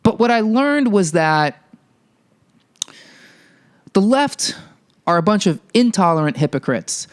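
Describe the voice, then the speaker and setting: A male podcast host delivering a heated, profane ranting monologue, telling a story with animated energy. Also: a little high.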